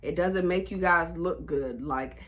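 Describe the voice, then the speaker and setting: A woman in her twenties telling a storytime vlog in a blunt, animated, profane way. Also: lowish voice, unhurried. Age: 20s. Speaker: vlogger.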